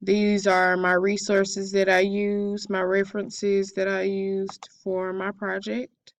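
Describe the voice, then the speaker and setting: A woman's voice: mid-range voice, monotone, takes it slowly. A young woman student reading her class presentation aloud carefully, with occasional slips.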